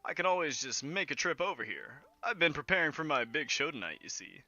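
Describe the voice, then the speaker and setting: A man puts on a vain, flamboyant celebrity bard in a tabletop game, doting and theatrical as he draws out his words. The voice swoops about brightly, and the audio is muffled and lo-fi. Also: on the high side, big pitch swings, heavily acted. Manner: theatrical, affectionate, drawn-out lines.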